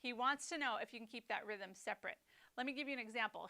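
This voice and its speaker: A woman teaching a snare drum etude, explaining rhythm and phrasing in a clear, methodical way. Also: fairly high pitch, quick pace, very noisy. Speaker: percussion teacher. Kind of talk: instructional lesson.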